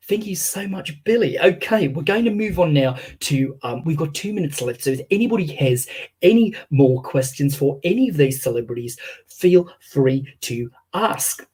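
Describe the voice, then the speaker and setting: A man's voice: fairly high pitch, animated, normal speed, darkish tone, slightly rough. A man hosting a live question session, reading out audience questions with many fillers. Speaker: host taking audience questions. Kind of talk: casual live-stream chat.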